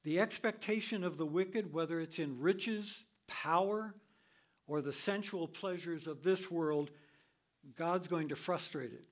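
Slow, measured older male Bible teacher. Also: on the high side. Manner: measured, deliberate reading of scripture. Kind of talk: sermon-style Bible teaching.

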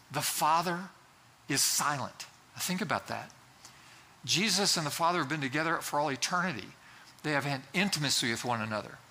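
A man delivers a sermon to his congregation in a loose, conversational way, circling back and restarting his phrases. His voice is very bright and sits a little high for a man. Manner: conversational preaching with fillers and restarts. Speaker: pastor.

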